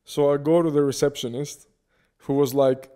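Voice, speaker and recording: Guest, young man, animated casual storyteller. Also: fairly high pitch, moderate pace, clean tone. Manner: animated, swearing freely.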